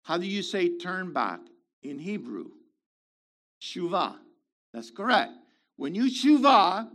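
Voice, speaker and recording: A man delivers a sermon in a high, gravelly voice. His pitch swings widely as he jumps from loud, emphatic stretches to hushed asides. He slips in playful remarks along the way. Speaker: preacher.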